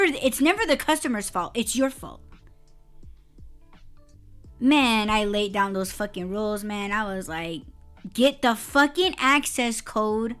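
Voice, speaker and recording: A woman co-hosting a casual podcast, telling a story in a heated, profane way and breaking into laughter. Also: on the high side. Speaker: podcast co-host.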